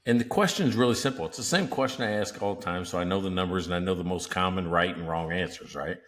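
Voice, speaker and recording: A man's voice: sits low, fast talker, a bit bright. A man co-hosting a business podcast, talking emphatically and walking through pricing examples like a seminar teacher. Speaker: podcast co-host. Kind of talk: casual podcast chat.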